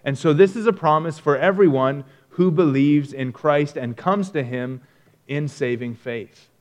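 An earnest man giving a recorded theology lecture at a desk mic, his voice sitting a little high. He reads long quotations and stresses key words emphatically, often restarting phrases as he explains. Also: unhurried. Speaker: theology teacher. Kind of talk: lecture reading and explaining quoted texts.

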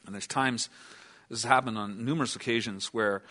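Male pastor, mid-pitched voice, earnest sermon delivery, rhetorical questions, occasional hushed passages. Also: fairly even intonation, a little fast. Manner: earnest, asks the listeners questions, then drops to a hush.

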